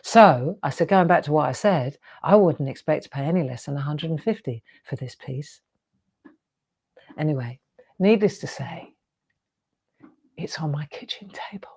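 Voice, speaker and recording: A woman's voice: sits low, lively intonation, moderate pace, darkish tone, breathy edge, dry recording. A woman in her sixties hosting a craft show, chatty and effusive, gushing over viewers' artwork with storytelling asides. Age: 60s.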